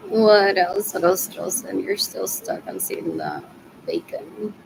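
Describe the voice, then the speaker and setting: A woman's voice: on the low side, huge pitch swings, slow, gravelly, background noise. A woman in her forties rambling agitatedly in a solo video monologue. She repeats herself and slips between English and Spanish. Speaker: vlogger asking for money.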